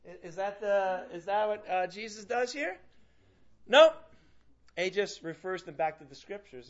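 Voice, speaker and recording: Man, Bible class teacher, high voice, conversational, playful quote acting, muffled lo-fi sound. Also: lively intonation, unhurried. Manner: conversational, acts out quotes with humor. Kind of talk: classroom lecture with scripture reading. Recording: dull lo-fi classroom recording.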